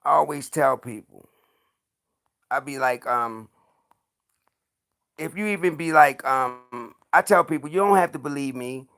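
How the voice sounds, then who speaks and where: A man's voice: mid-range voice, measured pace, long pauses, fairly bright tone. A man talking casually about creature sightings, earnest and insistent, often repeating himself. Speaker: podcast host. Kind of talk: casual chat.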